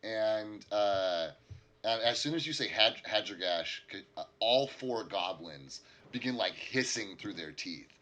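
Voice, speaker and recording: A man's voice: on the low side, lively intonation, unhurried, pushed and bright, dull audio. A man narrating as dungeon master, describing scenes in a loose, rambling way with many fillers. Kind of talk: narrating a tabletop game.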